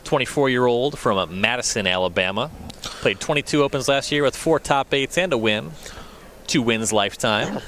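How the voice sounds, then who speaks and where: A man's voice: mid-range voice, lively intonation, moderate pace, fairly bright tone, slight background noise. A man doing live card game commentary with dry, teasing banter.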